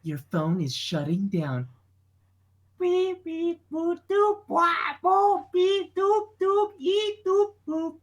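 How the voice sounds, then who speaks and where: A man voicing a phone's automated voice in a casual comic reading, mock-mechanical and ending in high beeps. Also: moderate pace, a little mellow, slightly rough. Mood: mock robotic. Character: phone's automated voice, beeping as it shuts down.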